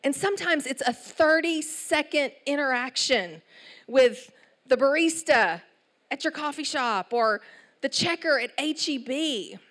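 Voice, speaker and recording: A middle-aged woman with an East Texas accent, preaching a sermon in an animated storytelling way with asides. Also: high-pitched, unhurried. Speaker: church speaker.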